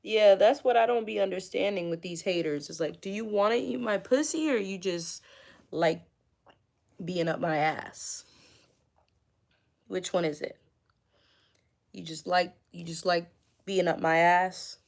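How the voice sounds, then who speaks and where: A woman chatting on a casual livestream, her voice gravelly with vocal fry. She mocks the viewers and talks back to their comments, swearing freely, and her delivery is slow and unhurried. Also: on the low side.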